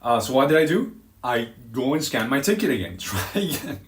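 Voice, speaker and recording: A man streaming live, telling a story in a dramatic, animated way with crude language. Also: mid-range voice, brisk, reverberant. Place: outdoors on a walk.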